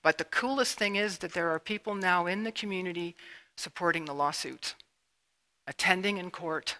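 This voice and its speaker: A middle-aged woman from Canada giving a public lecture, emotional and halting with sudden emphatic bursts. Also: fairly low pitch, bright, forceful tone. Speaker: public speaker. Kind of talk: lecture presentation with slides. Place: university lecture room.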